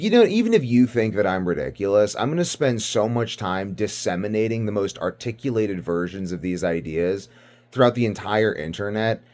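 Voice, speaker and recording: A man's voice: on the low side, darkish tone. A man from Britain giving rambling casual commentary, ranting and profane, full of fillers. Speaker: video commentator.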